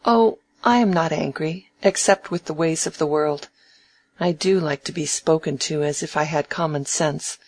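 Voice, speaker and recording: A reader voicing a proud, sharp-witted young woman in a novel, speaking crisply and earnestly with a teasing edge. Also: mid-range voice, normal speed, no echo, close to an everyday voice. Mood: earnest, spirited. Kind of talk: audiobook dialogue reading.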